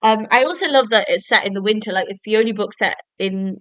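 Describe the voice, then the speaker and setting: A young woman talks through a book review for her podcast, chatty and loose with plenty of fillers. Her voice sits at a middling pitch, and the recording is dry and close with no room sound. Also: quick pace, dry recording, rough recording. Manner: chatty, full of fillers like "basically" and "like". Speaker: podcast host. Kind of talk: casual book review monologue.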